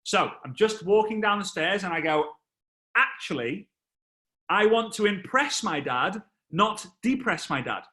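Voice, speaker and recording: A man, a motivational speaker telling a story on stage, animated and acting out voices and sound effects. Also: high-pitched, a little slow.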